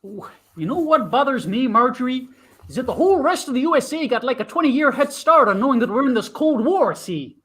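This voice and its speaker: A smug, folksy 1960s husband holds forth in a very high, bouncy voice, played by a man in improv. There is a husky edge to his tone. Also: sing-song, brisk, fairly bright tone, heavily acted. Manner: folksy, self-satisfied. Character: proud 1960s Midwestern family man. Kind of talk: improvised comedy.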